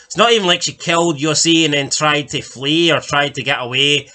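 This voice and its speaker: A man's voice: a little high, fairly quick, sharp tone. A man co-hosting a casual chat show, talking in a loose, rambling way with swearing and fillers. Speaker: podcast co-host. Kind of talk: casual chat ranking TV deaths.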